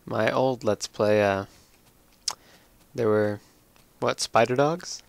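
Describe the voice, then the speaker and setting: A tired young man slowly rambling through casual commentary on his own game. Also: on the low side, gravelly, smooth, dry recording. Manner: slow, drowsy, rambling. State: tired, yawning. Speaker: let's play gamer.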